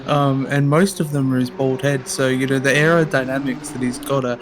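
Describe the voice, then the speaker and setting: A man's voice: medium pitch, steady tone, brisk, noisy background. A man co-commenting on a sim race with joking, rambling banter.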